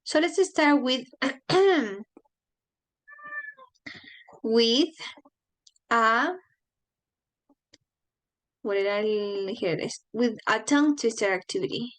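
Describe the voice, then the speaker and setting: A woman's voice: fairly high pitch, slow, long pauses. A woman teaching an online English class, friendly, asking her students the same questions again and again.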